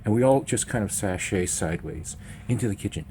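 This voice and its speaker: A man telling a funny true story in a rambling, animated way, breaking into sudden high meows and sound effects. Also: brisk, slight background noise. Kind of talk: comedic personal storytelling.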